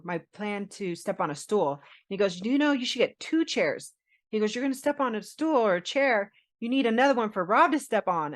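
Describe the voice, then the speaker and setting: A woman in her forties, a podcast co-host, telling a personal story in an animated, laughing way. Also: deep voice. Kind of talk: casual storytelling chat.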